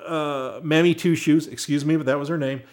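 A man's voice: a little high, fairly even intonation, fairly quick. A middle-aged American man in casual chat, telling long stories with many restarts and fillers. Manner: rambling storyteller with many restarts.

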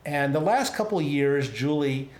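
A man telling a funny anecdote in a casual chat, animated and laughing as he goes. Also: a little high, normal speed. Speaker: storytelling guest. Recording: echoey room.

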